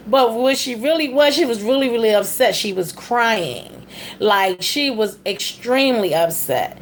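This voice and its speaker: A middle-aged woman telling a rambling story casually, with big jumps in pitch. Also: normal speed, a little hiss or hum. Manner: animated, with big pitch jumps on quoted speech; rambling, with frequent fillers and restarts. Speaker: vlogger.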